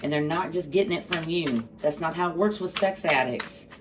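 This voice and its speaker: A woman's voice: sits low, moderate pace. Woman, tarot reader, blunt, sassy, swearing, distant mic, light background hiss. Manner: blunt, profane, sassy asides. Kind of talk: casual tarot reading to camera. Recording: slightly distant mic, faint background noise.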